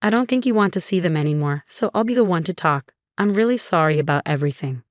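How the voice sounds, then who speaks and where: Protective young husband read by a woman, earnest, firm, low voice, dry. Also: animated, quick pace, dry recording, close to an everyday voice. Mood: caring.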